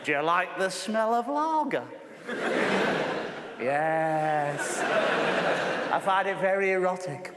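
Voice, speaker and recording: A man playing a crude, drunken, boorish character in live stage comedy, with a deadpan, drawn-out delivery. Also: high-pitched, very noisy. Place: large theatre stage. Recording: echoey theatre hall, loud crowd. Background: loud live audience.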